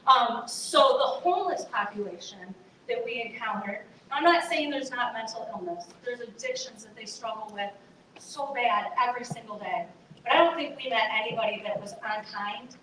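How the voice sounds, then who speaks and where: Bright-voiced woman in an echoey hall. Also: fairly high pitch, normal speed. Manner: earnest, conversational storytelling, addresses listeners directly. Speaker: chapel speaker. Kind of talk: testimony talk to students. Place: chapel hall. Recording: echoey hall, voice from far off, faint noise.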